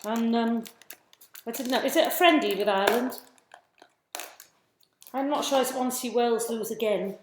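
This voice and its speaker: A woman's voice: fairly high pitch, normal speed, long pauses, heavy reverb. A woman hosting a casual live cooking stream from her home kitchen, chatting to viewers while she cooks. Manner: chatty, scattered, greets viewers mid-task. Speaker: cooking livestream host.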